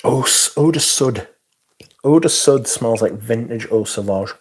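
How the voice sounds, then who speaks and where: A man's voice: mid-range voice, unhurried, husky. A man hosting a casual livestream, rambling with crude, profane jokes and reading out viewer comments. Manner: rambling, crude, profane and jokey, with frequent restarts. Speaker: livestream host reviewing fragrances.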